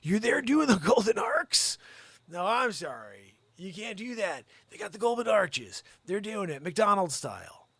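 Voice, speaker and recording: Animated bright-voiced comedy host. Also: male voice, high-pitched, a little slow, breathy edge, no room sound. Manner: animated, excitable, swearing, asides to co-host. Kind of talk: comedic news reading and rant.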